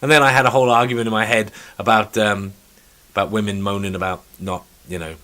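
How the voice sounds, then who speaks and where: A man's voice: lowish voice, fairly even intonation, fast talker, hardly any pauses, pushed and bright. A man hosting a casual podcast, ranting and swearing freely and mimicking other people in put-on voices. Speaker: podcast host. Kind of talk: casual chat.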